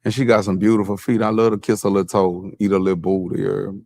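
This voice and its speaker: A man's voice: low voice, little pitch movement, fast, vocal fry, dark tone. A man speaking as a guest in a casual interview, laid-back, blunt and frank.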